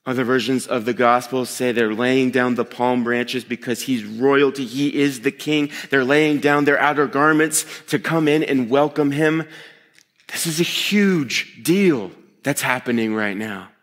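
A man preaching a sermon as pastor, talking in a lively, conversational way that swings between excited bursts and hushed asides. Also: mid-range voice, a little slow. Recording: long hall reverb.

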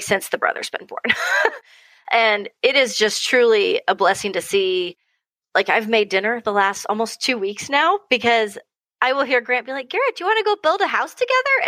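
A woman's voice: mid-range voice, no room sound, rough recording. A young adult woman, a podcast guest and mother, telling stories in casual chat, often acting out voices and laughing. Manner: animated storytelling, acting out quoted voices, frequent laughs.

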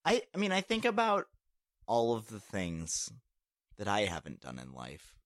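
Podcast co-host: wry and animated, lively pitch, dry close sound, some stammered starts. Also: measured pace, no echo. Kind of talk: casual chat.

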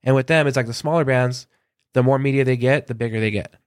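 A man from Southern California, a concert photographer, telling lively anecdotes in a casual interview and acting out quoted dialogue, with a lot of filler words. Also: medium pitch, fast, clean tone, dry recording, clean studio sound.

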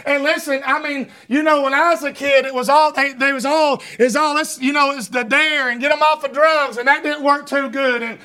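A man preaching a fervent sermon, often shouting and stumbling over repeated words. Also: very high-pitched, steady tone, normal speed, hardly any pauses.

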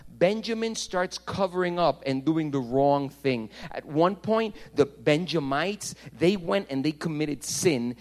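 A male pastor preaching a sermon, swinging between loud emphatic passages and hushed, intimate ones. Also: on the high side.

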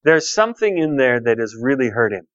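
A man's voice: medium pitch, very animated, brisk, fairly bright tone, dry recording, lo-fi sound. A pastor preaching a conversational sermon, repeating key phrases and telling personal stories to his congregation.

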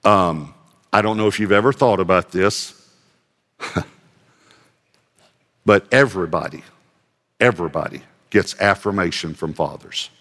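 A man preaches a sermon in a low voice, and long hall reverb rings around his words. He talks in an easy, conversational way, mixes in wry humor at his own expense and reads scripture out loud. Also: a little slow, long pauses. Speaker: pastor.

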